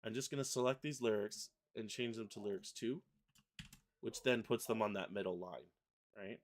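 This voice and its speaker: A man hosting a live software tutorial, thinking aloud and correcting himself as he works. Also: fairly low pitch, normal speed, a little hiss or hum. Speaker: software livestream host. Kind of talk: casual live software demo.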